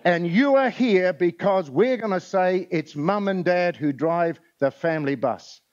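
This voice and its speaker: A man's voice: sits high, unhurried, darkish tone. A man speaking at a conference, telling stories and jokes with frequent "uh" fillers. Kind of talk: motivational talk with jokes. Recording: lo-fi recording.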